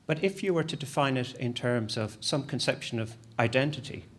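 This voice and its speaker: An academic man gives a conference presentation at a fairly quick clip, his voice mid-pitched. He's lively and self-deprecating, often restarting his sentences.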